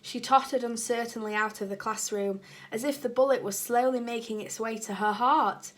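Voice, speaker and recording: A woman's voice: fairly high pitch, fairly even intonation, normal speed. A woman, a primary school teacher, reading a children's book aloud with chatty asides to the children.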